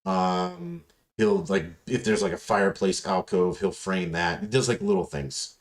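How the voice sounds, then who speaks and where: With a deep, gravelly voice and a slightly slow pace, a man hosting a podcast tells meandering, profane stories casually. He brings them to life by acting out what the people said.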